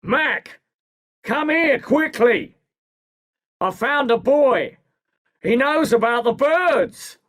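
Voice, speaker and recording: A narrator voicing an angry adult male bird smuggler who shouts his orders in a raised, strained voice. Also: sits high, lively intonation, extremely slow, pauses often, voice pushed up, heavily acted. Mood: furious.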